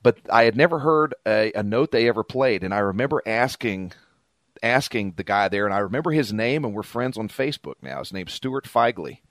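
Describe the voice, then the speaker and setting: Man in his fifties from Louisiana, podcast co-host, animated storyteller, fairly low voice, dry close sound. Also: brisk, no room sound. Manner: animated storyteller, laughs often. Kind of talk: casual storytelling chat.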